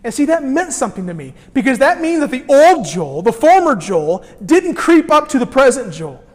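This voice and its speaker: Male pastor, high voice, sermon, lively storytelling, soft-to-loud swings, long hall reverb. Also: normal speed. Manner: animated storytelling with sudden swings between quiet and loud.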